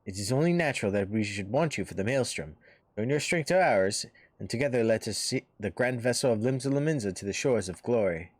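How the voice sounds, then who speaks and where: A man voicing a flattering, courtly naval officer recruiting a hero in a game. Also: mid-range voice, brisk, no echo, close to an everyday voice.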